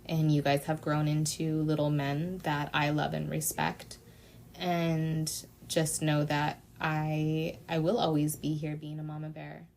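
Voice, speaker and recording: Low gravelly-voiced woman co-hosting. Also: completely flat delivery, measured pace, slight background noise. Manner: warm, heartfelt, laughs often. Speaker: podcast co-host. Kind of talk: casual chat.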